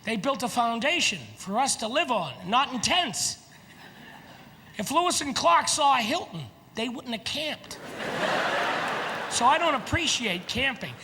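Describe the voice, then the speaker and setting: High-voiced male comedian in a big hall. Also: a little slow, long pauses, noisy background. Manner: animated, shouting punchlines and acting out voices. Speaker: stand-up comedian. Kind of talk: stand-up comedy routine. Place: large theater stage before a live audience. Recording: live hall recording with loud crowd laughter. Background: audience laughter.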